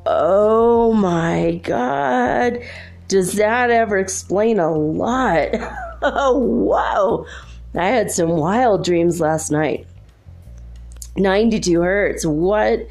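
A woman's voice: mid-range voice, slow pace, a little mellow, soft background music. A woman hosting her own podcast, chatting straight to her listeners and laughing often between phrases. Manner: chatty, addresses listeners directly. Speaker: podcast host. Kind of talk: casual solo podcast monologue.

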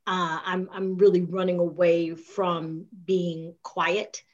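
A woman guest on a podcast, speaking calmly and thoughtfully in casual conversation. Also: lowish voice, slow pace, dull audio.

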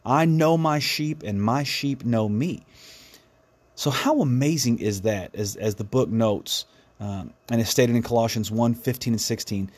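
A man's voice: medium pitch, husky. A man hosting a devotional podcast, speaking in an earnest, reflective way with frequent restarts. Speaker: podcast host.

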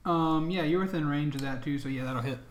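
A man narrating as game master in a tabletop game, relaxed, with frequent hesitations. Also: on the high side, brisk, reverberant.

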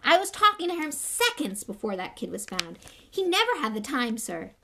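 A woman's voice: sits high, sing-song, moderate pace, noisy background, pitched above the performer's own voice. A woman reading aloud and voicing a big, loyal, blustery gamekeeper who rants urgently. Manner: urgent, ranting.

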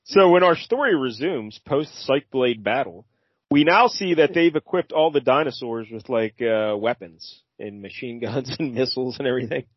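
A man's voice: mid-range voice, moderate pace, husky, no room sound. Jokey guy hosting a podcast, rambly with lots of uhs, dry dull lo-fi audio. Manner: rambling and jokey, with many fillers. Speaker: podcast host. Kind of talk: casual chat recapping a comic. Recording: dull lo-fi sound.

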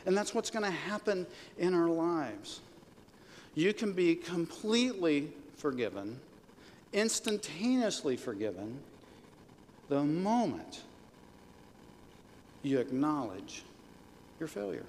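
A middle-aged man preaching a sermon as pastor, animated and joking, leading the congregation in call-and-response. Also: high voice. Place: church hall. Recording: reverberant hall with faint noise.

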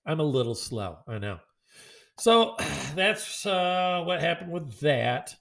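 A man's voice: a little high, very animated, takes it slowly, vocal fry, fairly bright tone. A man hosting his own show, telling rambling everyday stories in a casual, chatty way and acting out the lines of people in them. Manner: rambling, chatty, acts out dialogue in other voices. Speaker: podcast host. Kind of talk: casual storytelling monologue.

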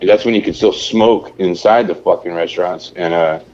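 Cussing storyteller man, low voice. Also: moderate pace, darkish tone. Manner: profane, storytelling, laughs often. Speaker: podcast host. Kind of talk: casual chat. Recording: lo-fi with faint noise.

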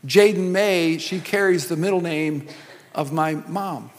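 A middle-aged male pastor with a high voice preaches in a conversational, joking tone, full of asides and quips. His words ring out with a long reverb in a large church hall. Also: measured pace. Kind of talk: sermon.

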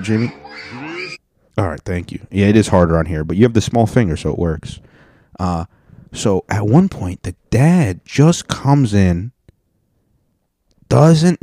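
Low-voiced man riffing on podcast. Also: dry recording, studio quality. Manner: animated storytelling, swearing, acting out people. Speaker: podcast host. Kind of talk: casual reaction commentary.

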